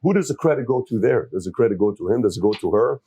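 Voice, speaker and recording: A man hosting an interview, talking things through in a measured way and asking probing questions. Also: lowish voice, expressive, warm tone, husky, dry recording. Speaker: interview host. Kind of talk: conversational interview. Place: interview set.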